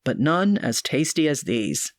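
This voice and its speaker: A soft, emotional young man, as a woman puts him on, speaking low and courteously. His voice sits deep and hushed. The sound is dry and close. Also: big pitch swings, unhurried, no echo. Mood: polite.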